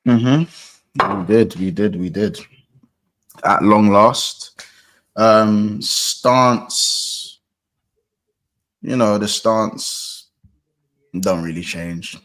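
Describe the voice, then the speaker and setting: A young man chatting casually about football on a podcast, laid-back and slangy, trailing off quietly. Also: fairly low pitch, takes it slowly, creaky, long pauses. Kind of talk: casual chat.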